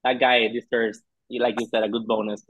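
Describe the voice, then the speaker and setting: A man guesting on a casual podcast, chatty and animated, acting out his reactions as he talks. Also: mid-range voice, moderate pace, dry recording, low-quality recording. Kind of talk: casual chat.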